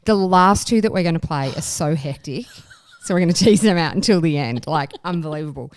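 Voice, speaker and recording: A woman's voice: low voice, lively intonation, fairly quick. A woman hosting a podcast, chatty and enthusiastic in casual chat. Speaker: podcast host.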